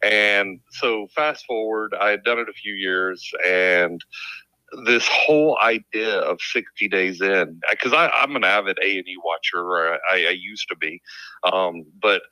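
A man from Georgia with a Southern US accent, speaking in a lowish voice with a bright, forward edge. He is polite and easygoing, chuckling now and then as he tells his story. The sound is dry and close. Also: measured pace, no echo, rough recording. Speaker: guest, sheriff's office deputy. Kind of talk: casual interview storytelling.

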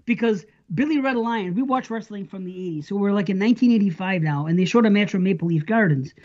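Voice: medium pitch, fast, a little mellow. An American podcast host telling rambling stories in casual chat. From United States. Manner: rambling storyteller. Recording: dull lo-fi sound.

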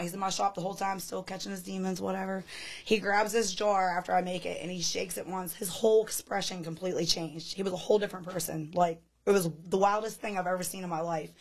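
A woman guest on a podcast, telling animated stories in casual chat, full of fillers and laughter. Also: fairly low pitch, fast talker. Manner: animated storyteller, laughs often, many fillers. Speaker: podcast guest, spiritual healer.

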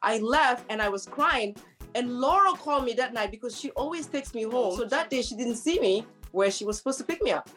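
A woman co-hosting a talk show speaks in a chatty, storytelling way. Her voice sits a little high. Faint music plays under her voice. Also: expressive, brisk, a bit bright. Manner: chatty storytelling, laughs often. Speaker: co-host. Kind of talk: casual chat.

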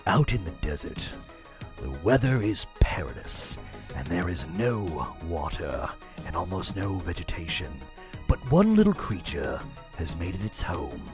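A man putting on the voice of a solemn male nature documentary narrator, speaking slowly and gravely in a low voice. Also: huge pitch swings, music in the background, exaggerated voice. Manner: slow, grave, low delivery.

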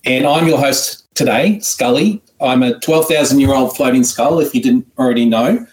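A man's voice: mid-range voice, moderate pace, a little mellow. A man with an Australian accent hosts an online writing seminar in a casual, joking, rambling way with frequent restarts. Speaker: seminar host. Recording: roomy echo.

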